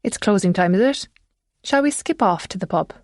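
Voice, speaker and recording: A woman's voice: medium pitch, fairly even intonation, moderate pace, darkish tone, no room sound, lightly acted. A woman reading the part of an older country veterinarian who has lost his footing. He rambles, distracted and whimsical, fixed on some urgent thing he cannot name. The sound is dry and close, with no room around it. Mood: confused. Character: confused older male country vet, restless.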